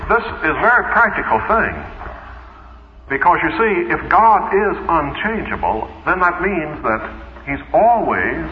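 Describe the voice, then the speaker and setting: A man teaching the Bible in a radio sermon, conversational, with rhetorical questions and homely asides. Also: on the high side. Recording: echoey hall, dull old radio broadcast.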